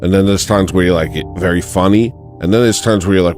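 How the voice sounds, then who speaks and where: A man's voice: deep voice, fast talker, darkish tone, soft background music. A man hosting a comedic livestream, talking in a rambling, joking, self-mocking monologue. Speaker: livestream host.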